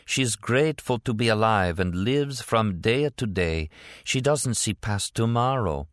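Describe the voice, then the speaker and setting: A man voicing a strange young Italian woman with an Italian accent, speaking slowly and dreamily. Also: fairly low pitch, animated, dry recording, clean studio sound, pitched above the performer's own voice. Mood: dreamy. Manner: slow, dreamy, deliberate.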